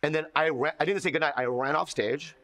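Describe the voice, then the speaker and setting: A man comedian in a documentary interview, earnest and halting, repeating words as he searches for them. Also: a little high, fairly bright tone.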